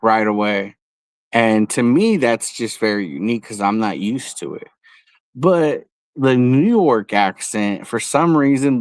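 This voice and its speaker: A man's voice: medium pitch, clear, resonant tone, dry recording. A man chatting casually as a streamer, rambling with many fillers and restarts and swearing now and then. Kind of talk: casual chat.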